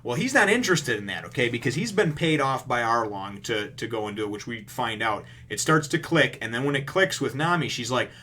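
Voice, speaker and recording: A man's voice: medium pitch, a little fast, few pauses. Rambling, profane male comic reviewer. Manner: rambling, profane, animated retelling. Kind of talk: casual comic chapter recap.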